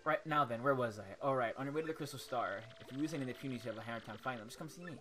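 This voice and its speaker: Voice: mid-range voice, very fast, a crowd in the background, natural voice. A woman doing a cranky, bossy old creature elder. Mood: instructing. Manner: scolding, bossy, lecturing. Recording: game music behind.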